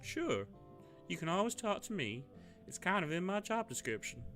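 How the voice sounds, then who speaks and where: Man putting on a high, sing-song Southern woman pastor for a game; bright and gentle. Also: big pitch swings, moderate pace, soft background music. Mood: upbeat. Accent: put-on Southern US. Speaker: let's play narrator voicing characters.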